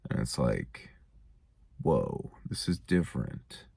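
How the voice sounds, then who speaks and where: A man's voice: extremely low pitch, very animated, very slow, vocal fry, pauses often, breathy edge, no room sound. A young man hosting his own show, musing in a laid-back, rambling way. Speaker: host. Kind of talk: casual monologue.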